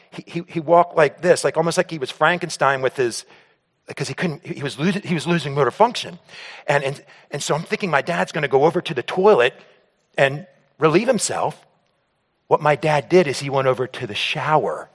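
A man telling a personal story to an audience on stage in an animated way, acting out scenes and often stammering and repeating words. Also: a little high, husky. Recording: long hall reverb.

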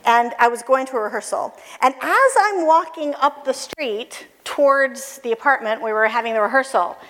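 A high-pitched woman with a lively, swooping voice tells a personal story to a church audience, acting out the people she quotes and laughing as she goes. Her voice carries the long reverb of a hall. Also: moderate pace. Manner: animated, acts out quoted voices, laughs often.

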